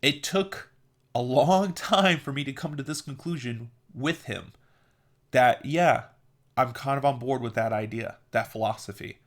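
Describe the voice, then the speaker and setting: A man's voice: mid-range voice, unhurried. A man giving an earnest, opinionated vlog monologue to camera in a casual manner. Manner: earnest and opinionated, with mocking put-on voices. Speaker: vlogger.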